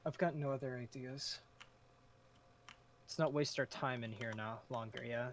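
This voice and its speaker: A man in character in a role-play, talking through plans and telling a story in a measured, deliberate way. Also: medium pitch, steady tone, slight background noise.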